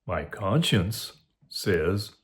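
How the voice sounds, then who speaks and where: A man's voice: deep voice, animated, extremely slow, full character voice. A man reading aloud as a young male comic servant, torn between leaving his master and staying. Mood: torn, dithering. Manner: dithering, argues both sides. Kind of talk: dramatic reading of a soliloquy.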